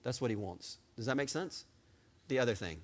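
A man preaching a sermon as pastor, talking with excited energy that rises at times into yelling. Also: medium pitch, fairly quick.

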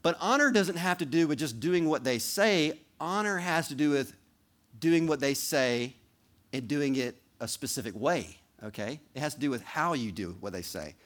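A man's voice: fairly high pitch, animated, moderate pace, a bit bright. A man preaching a sermon, speaking directly to the children in the congregation and acting out little role-plays. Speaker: pastor.

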